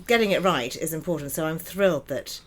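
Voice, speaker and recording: A woman's voice: low voice, animated, a little fast. A woman hosting a casual podcast chat, chatty and affirming as she talks with her guest. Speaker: podcast host.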